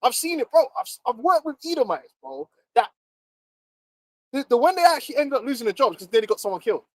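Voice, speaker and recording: A man's voice: extremely high pitch, very animated, fast, no echo, low-quality recording. A man on a casual livestream, ranting emphatically with plenty of profanity. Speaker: livestream co-host. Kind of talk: casual heated chat.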